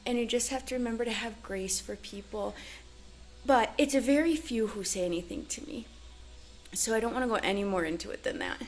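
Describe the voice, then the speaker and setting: A woman's voice: fairly high pitch, a little fast, soft background music. A woman vlogging casually on her ranch, talking earnestly and chattily with lots of fillers. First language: English. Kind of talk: casual chat to camera. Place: ranch in Mexico.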